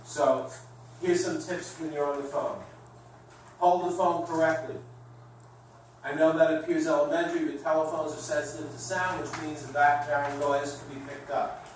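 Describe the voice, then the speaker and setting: A middle-aged man giving a sales training lecture to a class, coaching in an animated way. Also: a little high, normal speed, a little hiss or hum. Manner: animated coaching, demonstrates with his voice. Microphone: distant room mic. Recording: echoey room recorded from far off.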